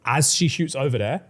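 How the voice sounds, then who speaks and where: A man co-hosting a podcast, telling a fantasy plot in casual chat and acting out the characters' lines with heavy slang. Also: medium pitch. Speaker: podcast co-host.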